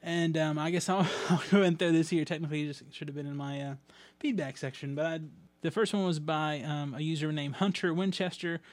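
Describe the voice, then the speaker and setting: A man's voice: fairly high pitch, steady tone, a little fast, dry recording. A man hosting a podcast in a casual, rambling way with many ums and restarts, reading out listener mail. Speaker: podcast host.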